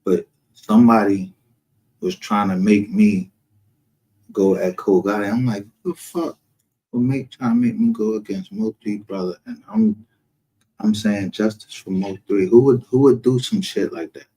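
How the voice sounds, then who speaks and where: A man's voice: fairly low pitch, animated, moderate pace, warm tone. A man hosting a casual livestream, brash and profane, laughing often as he talks. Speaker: livestream host.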